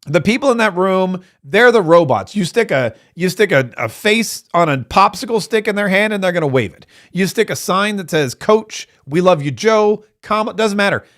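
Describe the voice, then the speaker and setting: A man hosting a live political reaction stream, talking in a sarcastic, mocking and excitable way. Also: high voice, brisk, few pauses. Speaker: political commentator host.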